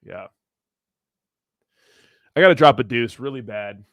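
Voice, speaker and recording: A man's voice: mid-range voice, animated, unhurried, a bit bright, no room sound. Laid-back, foul-mouthed man in his thirties. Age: 30s. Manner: rambling, profane, laid-back, laughs often. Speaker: crypto streamer reading chat. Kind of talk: casual livestream chat.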